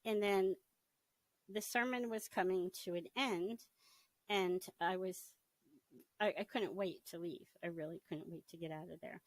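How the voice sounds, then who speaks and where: A middle-aged woman giving a personal testimony in an interview, telling her story in a casual, animated way and often laughing as she acts out her past thoughts. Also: fairly low pitch, measured pace, dry recording, rough recording. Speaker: interview guest.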